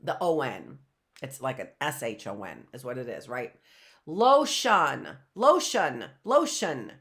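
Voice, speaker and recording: A middle-aged woman teaching a live online phonics lesson, patiently asking questions and slowly sounding words out. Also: a bass voice, expressive.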